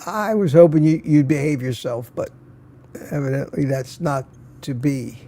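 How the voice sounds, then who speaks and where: A man's voice: on the high side, moderate pace, mellow. An older man hosting a casual live stream, greeting viewers by name one after another and chuckling often.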